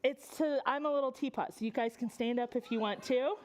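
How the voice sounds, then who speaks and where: An American woman leading a preschool story time in a library, singing and coaxing young children in a lively sing-song way. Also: high-pitched, a little fast, a little hiss or hum.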